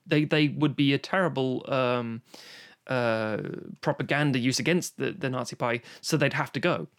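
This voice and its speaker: A man in casual podcast chat about film, animated and profane, acting out quotes as he goes. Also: mid-range voice, moderate pace, smooth. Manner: animated, swearing, acts out quotes. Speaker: podcast guest discussing films.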